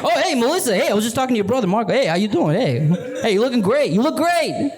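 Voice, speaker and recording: A man putting on a brash, high-pitched small-town hustler. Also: big pitch swings, crowd noise. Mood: pushy flirting. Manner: pushy, fast-talking, overfamiliar. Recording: live club with audience laughter.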